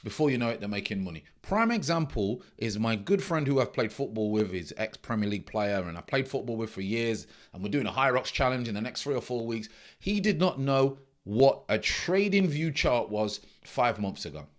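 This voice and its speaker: A man's voice: mid-range voice, sing-song, moderate pace. A middle-aged man, a trading mentor giving a blunt, emphatic casual monologue that repeats its key points.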